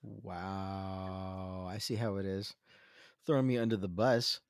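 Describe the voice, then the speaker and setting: A low-pitched young man from California's Central Coast, co-hosting a podcast with a laid-back, self-deprecating sense of humor. His voice is close and dry, with no room sound around it. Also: little pitch movement, takes it slowly, creaky, smooth, no echo. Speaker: podcast co-host. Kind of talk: casual chat.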